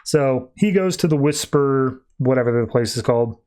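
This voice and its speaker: A man's voice: mid-range voice, moderate pace, mellow. A man co-hosting a podcast, chattily recapping a comic book plot and peppering it with "like.". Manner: chatty, heavy use of "like" when retelling. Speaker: podcast co-host.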